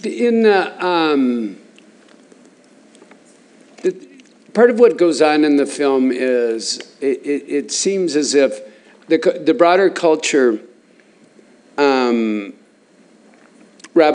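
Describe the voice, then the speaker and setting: A man interviewing guests in a casual chat, asking questions haltingly, with many ums and repeated words. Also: a little high, lively intonation, a little mellow.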